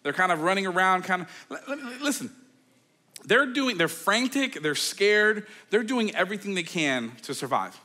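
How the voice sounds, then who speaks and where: A man, a pastor, preaching a sermon in a conversational, animated storytelling way, full of casual fillers. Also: high voice, moderate pace. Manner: animated storytelling, acting out quoted voices; conversational, with many fillers like "like" and "okay".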